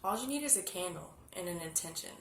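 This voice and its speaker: A woman casually showing a candle spell step by step, chatty and often dropping to a hushed murmur. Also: on the low side, animated, fast talker. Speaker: spiritual vlogger. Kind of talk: casual how-to demonstration. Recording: echoey room with background noise.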